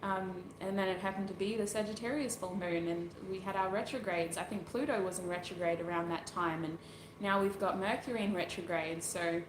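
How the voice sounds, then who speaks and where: A woman's voice: mid-range voice, fairly even intonation, brisk. Chatty woman in an echoey room. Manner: chatty and rambling, laughs often. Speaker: tarot reader, channel host. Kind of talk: casual livestream chat, answering viewer comments. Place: at home doing makeup. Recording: roomy echo, faint background noise.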